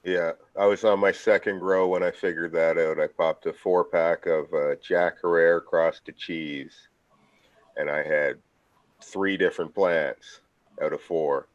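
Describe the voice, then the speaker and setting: A man in a casual chat telling an unhurried story. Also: sits low, fairly even intonation, no echo, lo-fi sound.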